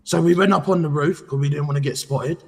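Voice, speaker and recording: A man voices a brash beat cop with a rough, gravelly, husky voice, rambling on and calling everyone mate. His voice trails into a long, ringing reverb. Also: fairly high pitch, fast. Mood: defensive. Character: brash, chatty male street cop. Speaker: police officer character. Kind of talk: game role-play.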